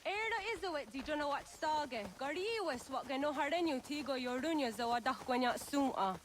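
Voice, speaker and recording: An actress voicing an adult village woman in a video game, speaking quietly and steadily. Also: high-pitched, animated, moderate pace. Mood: calm. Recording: game audio with clear background noise.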